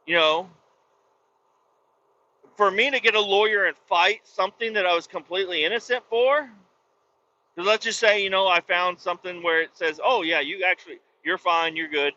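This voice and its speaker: Casual male podcast host, profane and exasperated, rambling storyteller, slightly high bright voice. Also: normal speed, highs cut off.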